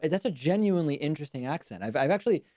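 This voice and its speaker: A man's voice: fairly high pitch, lively intonation, rapid-fire, warm tone, no echo. A man hosting a live stream, giving dry, wry commentary in a casual chatty way.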